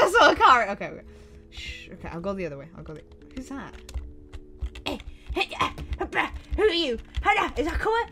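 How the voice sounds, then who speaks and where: A woman voicing a sneaky young female student at camp in a game-based roleplay story, excitable and chatty, with gasps and whispered asides. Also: mid-range voice. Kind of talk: Minecraft roleplay acting.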